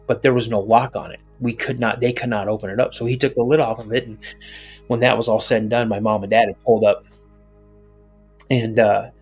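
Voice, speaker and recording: A middle-aged man telling a personal story as a podcast guest, animated and full of restarts. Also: medium pitch, vocal fry, breathy edge.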